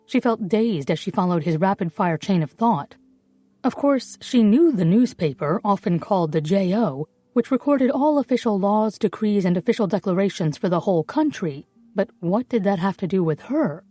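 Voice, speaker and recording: Woman audiobook narrator, darkish low voice, dry sound with faint music under. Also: animated, normal speed, mellow, no room sound. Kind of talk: scripted narration.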